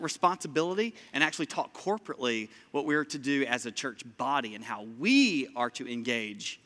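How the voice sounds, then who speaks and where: A man preaching a sermon from a church stage in a lively, conversational way, talking straight to the congregation. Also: a little high. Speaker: pastor. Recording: long hall reverb.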